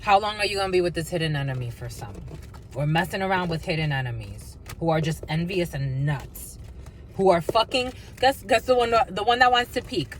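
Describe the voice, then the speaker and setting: A woman's voice: lowish voice, animated, a little fast, slight background noise, rough recording. A woman doing a casual tarot energy reading, blunt and profane, with sing-song asides and mocking voices.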